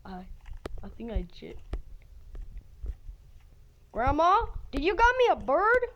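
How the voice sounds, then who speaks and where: A woman giving excited gameplay commentary, jumping between loud outbursts and hushed whispers. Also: sits high, slow pace, long pauses, lo-fi sound, slight background noise. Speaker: game player.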